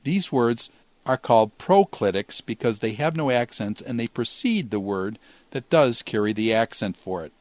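A man teaching a Greek grammar lesson in a measured, explanatory way, slowing down to pronounce each Greek word. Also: mid-range voice, lively intonation, dry recording.

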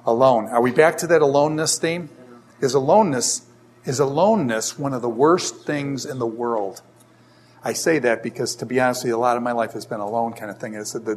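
An older man teaching a casual Bible lesson, asking the class questions and telling stories with animated energy. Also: mid-range voice, slight background noise.

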